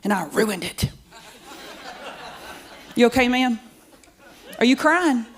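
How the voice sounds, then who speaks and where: A woman's voice: a little high, expressive, slow. A middle-aged woman with a drawl works a stand-up set on a handheld stage mic. She is sassy and self-mocking, and she keeps chatting straight to the crowd. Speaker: stand-up comedian. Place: comedy club studio with live audience.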